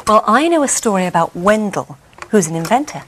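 A woman reading a bedtime story aloud in a gentle, expressive way. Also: mid-range voice, fairly quick, slight background noise.

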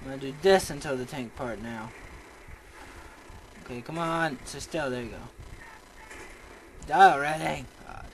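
A man's voice: mid-range voice, moderate pace, long pauses, a little hiss or hum, poor audio. A young man commenting on a shooter game as he plays, muttering and bursting out in frustration. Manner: excitable, frustrated muttering and outbursts. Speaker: gamer. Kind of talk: let's play commentary.

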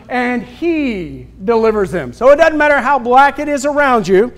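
A man's voice: extremely high pitch, big pitch swings. A male pastor preaching a sermon, acting out scripture scenes and calling out to the congregation for responses. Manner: preaching with call-and-response asides; acts out scripture scenes in quick bursts.

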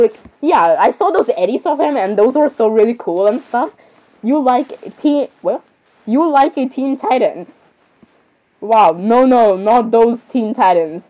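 A woman's voice: on the high side, dark tone, highs cut off. Giggly young woman rambling, apologizing. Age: teens. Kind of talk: casual reaction commentary.

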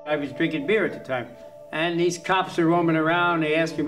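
Rough New man spinning street tales. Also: on the high side, steady tone, fairly quick, rough recording. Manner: rough, rambling, profane storyteller. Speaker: interviewee, film extra. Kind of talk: casual storytelling interview. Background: background music.

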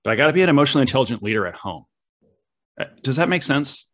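A middle-aged man hosting a podcast, talking in a reflective and halting way as he searches for his words. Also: medium pitch, animated, a bit bright. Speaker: podcast host. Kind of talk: reflective conversational interview.

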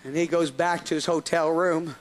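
A male preacher telling a lively story in a sermon, laughing often and restarting his sentences. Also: fairly high pitch, moderate pace.

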